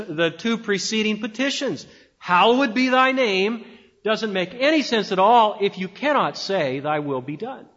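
A pastor preaching a sermon with emphatic delivery and dramatic pauses. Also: male voice, sits high, fairly bright tone, highs cut off.

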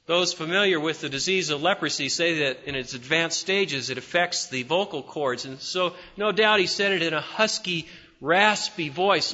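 A man preaching a sermon with fervor, swinging between loud, emphatic peaks and hushed, low passages. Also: moderate pace, long reverb tail, muffled recording. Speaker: pastor.

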